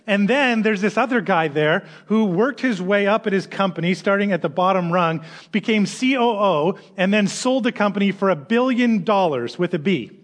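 A man's voice: sits high, lively intonation, moderate pace. A man who is a minister, giving a conversational sermon that opens with a personal story. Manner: conversational storytelling with quoted voices.

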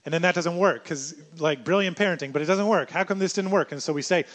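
A man preaching a sermon in an animated way, acting out everyday scenes as he talks. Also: a little high, fast.

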